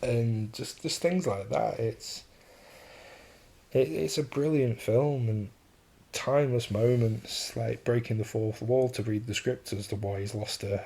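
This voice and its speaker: A man's voice: medium pitch, a little slow, creaky, warm tone, husky. A man hosting a solo podcast, talking casually and enthusiastically, chuckling often and restarting his sentences. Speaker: podcast host.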